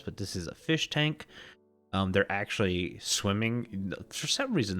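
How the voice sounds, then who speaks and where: Man, low voice, groggy morning voice, relaxed rambling game commentary, faint background music. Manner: relaxed, rambling, laughs often. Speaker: Minecraft let's play host. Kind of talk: casual gameplay commentary.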